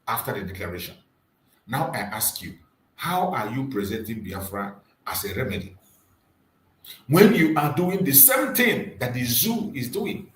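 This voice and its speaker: Fiery, preaching man with wide pitch swings. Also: big pitch swings, unhurried, long pauses, roomy sound, slight background noise, poor audio. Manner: rhetorical, repeats questions, swings between loud emphasis and quiet drops. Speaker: channel host and activist commentator. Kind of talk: impassioned political monologue.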